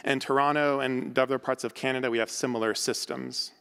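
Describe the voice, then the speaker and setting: A man from the United States, an architect and academic, gives a conference lecture quickly, with plenty of ums and uhs. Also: mid-range voice, steady tone, gravelly, fairly bright tone, smooth, in a large hall. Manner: quick, loose delivery with frequent ums and uhs.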